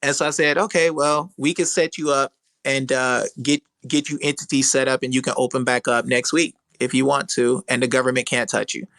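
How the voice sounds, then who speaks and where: A man's voice: mid-range voice, little pitch movement, a little fast, a bit bright, no echo. A man who hosts legal webinars, telling a story on a live audio chat and acting out the dialogue. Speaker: host of a legal webinar group. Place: live online audio room.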